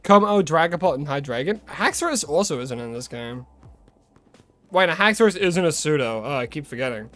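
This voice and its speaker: Chatty Australian man, fairly high voice. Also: lively intonation, a little fast, a bit bright, soft background music. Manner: chatty, greets viewers, rambles and corrects himself. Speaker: live streamer. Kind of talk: casual live-stream chat while playing.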